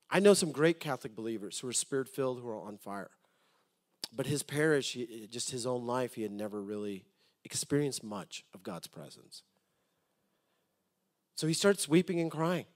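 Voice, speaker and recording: Preaching to his congregation, this man alternates between booming appeals and quiet, hushed stories, often repeating a word when he starts a new idea. His voice is mid-range and animated, and he talks at a normal speed.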